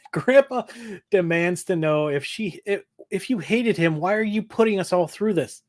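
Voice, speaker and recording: A man's voice: sits high, measured pace, a little mellow. A man co-hosting a podcast, recapping an episode in casual chat, laughing often and acting out quotes. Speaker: podcast co-host.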